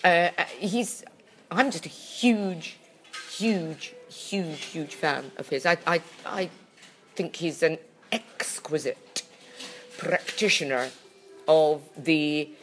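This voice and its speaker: Low-voiced woman who keeps coughing. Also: a little hiss or hum. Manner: halting, full of restarts and fillers, animated when indignant. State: recurring cough. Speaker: podcast co-host. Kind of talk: casual chat.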